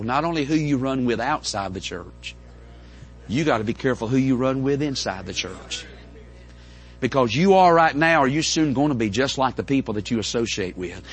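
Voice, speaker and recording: A middle-aged man, preaching a folksy, animated storytelling sermon to a congregation. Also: mid-range voice, husky. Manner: folksy, animated, with repeated stammering restarts. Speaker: pastor. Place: church in front of a congregation.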